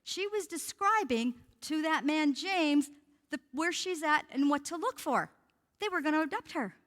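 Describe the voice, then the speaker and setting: A woman's voice: high voice, lively intonation, a little slow, fairly bright tone. An older woman giving an earnest, impassioned talk as a guest speaker at a church. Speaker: guest speaker on human trafficking. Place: church sanctuary. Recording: long church-hall reverb.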